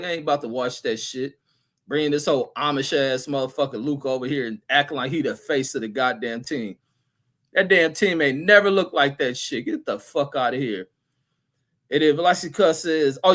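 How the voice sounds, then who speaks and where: A man's voice: a little high, a bit bright. A man hosting a livestream, reading chat comments and ranting about basketball in a loose, profane, repetitive way. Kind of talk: casual profane sports rant.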